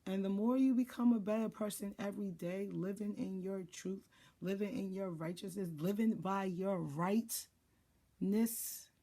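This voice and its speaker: A woman's voice: medium pitch, steady tone, measured pace, dark tone. Blunt, profane woman giving life advice. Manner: blunt, profane, acts out quoted people. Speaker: life and spiritual advisor. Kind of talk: casual advice monologue.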